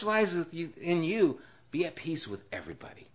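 A man giving a conversational sermon as a pastor. He talks like he is telling a story to friends. His voice sinks to a hush, then climbs loud and emphatic. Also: big pitch swings, moderate pace. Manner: storytelling, swinging from hushed and low to loud and emphatic. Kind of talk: conversational Bible-study sermon.

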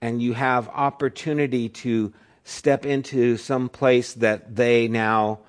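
A man's voice: medium pitch, level tone, slow pace. A middle-aged man who is a pastor, giving a sermon in a conversational, storytelling way. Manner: conversational storytelling, acts out quotes in raised voice.

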